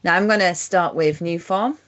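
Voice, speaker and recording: A woman with a strong accent presents a screen-share tutorial. Her voice sits low, and she talks through each step in a relaxed, methodical way, with the odd "uh" along the way. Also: moderate pace. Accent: strong regional accent. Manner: relaxed, methodical walkthrough with fillers. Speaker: presenter demonstrating software.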